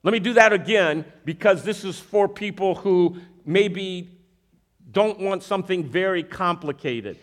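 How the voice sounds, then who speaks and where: A man preaches in a high-pitched voice at a slightly slow pace, turning a magic trick into an object lesson. His animated delivery includes frequent questions to the audience and repeated verses for emphasis.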